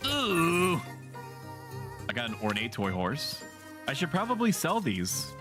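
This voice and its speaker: A man's voice: mid-range voice, wildly swooping pitch, normal speed. A man streaming a game, chatting casually with rambling jokes and casual swearing. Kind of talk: casual gameplay commentary. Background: game music.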